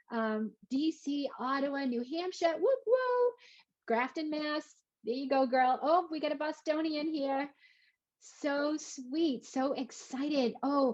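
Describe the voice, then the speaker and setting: A chatty, effusive woman hosts a live webinar, her voice high-ish but warm and mellow. The sound is dull and lo-fi, like computer-mic audio on a call. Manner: chatty and effusive, many fillers and exclamations. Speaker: webinar presenter. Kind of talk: casual live webinar talk.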